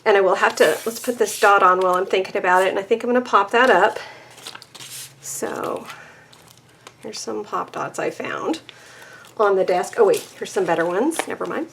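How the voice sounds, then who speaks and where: A woman's voice: mid-range voice, moderate pace, vocal fry, pauses often, a bit bright, a little hiss or hum. A chatty, self-deprecating woman giving a casual papercraft tutorial, laughing often and a little out of breath. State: a bit out of breath. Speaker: papercraft demonstrator.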